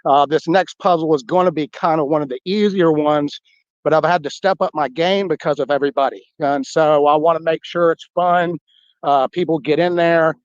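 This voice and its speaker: A man with a Southern US drawl chats easily as a podcast co-host, with a voice pitched a little high. The sound is dry and somewhat dull and lo-fi, like call audio. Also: steady tone, moderate pace, smooth, dry recording. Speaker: podcast co-host running puzzles. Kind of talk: casual chat.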